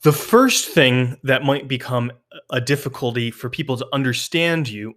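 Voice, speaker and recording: Measured man lecturing on speech delivery. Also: medium pitch, fairly bright tone. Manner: measured, thoughtful, explanatory, with small restarts. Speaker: rhetoric instructor.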